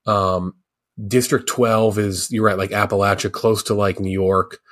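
A man's voice: fairly low pitch, steady tone, unhurried, fairly bright tone. A young man co-hosting a casual podcast chat, explaining things in a matter-of-fact way. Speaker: podcast co-host.

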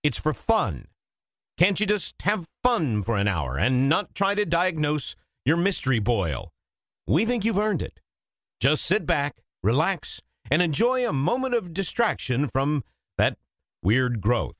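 A man's voice: a little high, huge pitch swings, measured pace, a bit bright, dry recording. A man reading the show's scripted disclaimer in a dry, mock-soothing way. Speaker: show announcer.

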